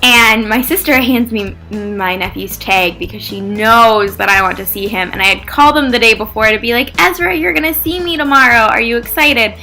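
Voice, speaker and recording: A woman's voice: fairly high pitch, normal speed, few pauses, soft background music. Chatty young woman telling a story. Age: young adult. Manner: chatty, animated, says "like" often, acts out quotes. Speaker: vlogger. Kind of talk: casual vlog storytelling.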